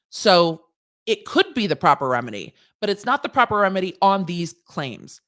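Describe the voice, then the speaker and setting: A woman's voice: mid-range voice, very animated, measured pace, a bit bright. A woman lawyer hosting a casual legal commentary livestream, chatty and digressive, laughing at her own jokes.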